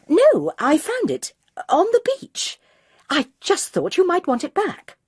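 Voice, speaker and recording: A woman's voice: extremely high pitch, wildly swooping pitch, unhurried, no room sound, clean studio sound, pitched above the performer's own voice, heavily acted. A woman voicing an earnest older woman playing detective on the phone, formal in manner.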